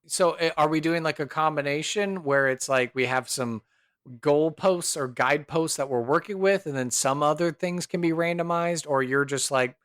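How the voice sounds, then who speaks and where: A man hosting a podcast, chatting casually and asking relaxed guiding questions about building a game character. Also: a little high, moderate pace, smooth, dry recording, studio quality. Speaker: podcast host.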